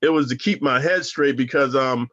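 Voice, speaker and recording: A man's voice: mid-range voice, moderate pace, a bit bright, lo-fi sound. A man from Northern California being interviewed, telling his stories in a slangy, profane, emphatic way. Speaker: interview guest, former prisoner. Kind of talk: casual storytelling interview.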